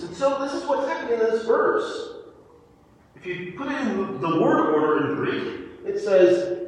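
Animated preacher in an echoey hall. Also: male voice, high voice, normal speed. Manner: animated teaching with frequent restarts and repeated words. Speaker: pastor. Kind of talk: sermon. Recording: echoey hall, voice from far off the mic.

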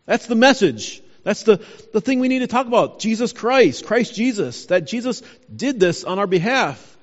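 Guy preaching a sermon, pitch jumps all over, emphatic, echoey hall. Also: moderate pace, muffled recording. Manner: animated, emphatic preaching with self-corrections. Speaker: pastor.

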